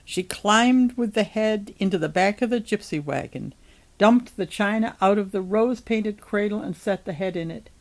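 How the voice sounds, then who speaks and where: A woman reads a chapter of a novel aloud in an even, measured storytelling manner. Her voice has a gravelly, creaky texture and sits at a middle pitch. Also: poor audio.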